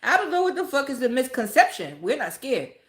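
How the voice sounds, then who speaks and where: A woman's voice: high voice, very animated, brisk. Blunt, profane woman in an echoey room. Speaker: vlogger. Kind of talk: casual motivational rant.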